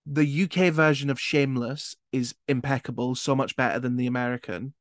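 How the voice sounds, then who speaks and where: Young british guy hosting a podcast, chatty and a bit sweary, mid pitch, dry close sound. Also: a little fast, no echo. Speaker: podcast host. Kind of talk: casual interview chat.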